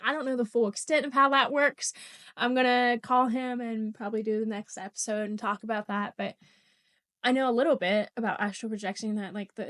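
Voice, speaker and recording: A young woman hosting a podcast, telling a personal story in casual chat, animated and swearing freely, often laughing mid-sentence. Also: fairly high pitch. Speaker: podcast host.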